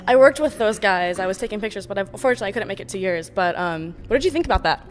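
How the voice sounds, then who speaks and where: A woman's voice: mid-range voice, lively intonation, rapid-fire, in a large hall, faint music behind. A young American woman interviewing a band backstage, chatty and laughing often. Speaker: music interviewer. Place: backstage at a music venue.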